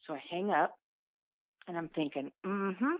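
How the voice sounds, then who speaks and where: A woman's voice: lowish voice, measured pace, no room sound. Woman telling her story over a tinny line. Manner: lively, swears freely, acts out what others said. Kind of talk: candid conversational storytelling. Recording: tinny phone-like sound, dry.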